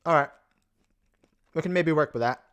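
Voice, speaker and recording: A man's voice: a little high, moderate pace, a bit bright, clean tone. A man hosting a livestream in a casual, rambling, jokey way, chewing a snack as he talks. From New Zealand. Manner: rambling, self-interrupting, jokey. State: chewing while talking. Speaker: livestream host.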